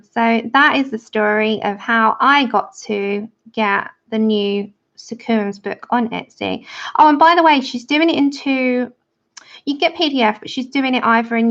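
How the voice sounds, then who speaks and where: A woman's voice: on the high side, fairly bright tone, dull audio. A woman chatting and telling stories while colouring on a livestream, laughing often. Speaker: livestream host.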